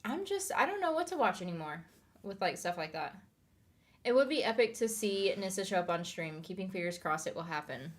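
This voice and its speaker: A woman's voice: mid-range voice, very animated, fairly quick. A woman streaming from her home office, chatting casually and answering her chat in a rambling way.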